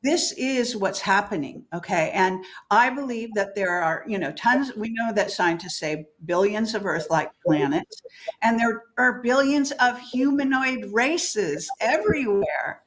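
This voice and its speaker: A woman's voice: medium pitch, a little slow, a little hiss or hum. Emphatic, profane woman guest. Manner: emphatic, profane, laughs often. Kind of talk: candid spiritual interview talk.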